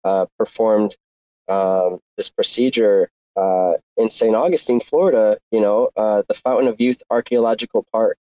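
A man's voice: on the low side, moderate pace, a little mellow. A man chatting casually and joking in a friendly, rambling way in an online audio chat. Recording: dull dry lo-fi mic.

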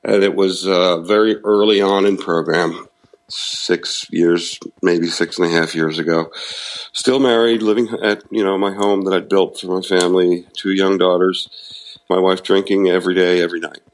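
A middle-aged man, appearing as a guest, candidly tells his personal recovery story, frank and self-deprecating, laughing at himself now and then. His low voice has fairly even intonation at normal speed, and the audio is poor.

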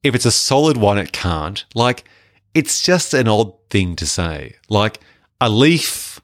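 Chatty low-voiced man. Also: slow pace, no room sound, clean studio sound. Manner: chatty, animated, jokey. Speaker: podcast co-host. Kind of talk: casual film review chat.

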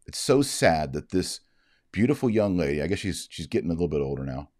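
Low-voiced man giving earnest moral commentary. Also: very animated, a little fast, darkish tone, no room sound, studio quality. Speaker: Catholic commentator. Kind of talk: livestream commentary.

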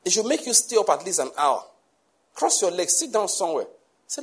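A man's voice: high voice, sing-song, a little fast, slightly rough. A man preaching a sermon, emphatic and full of rhetorical questions to the congregation.

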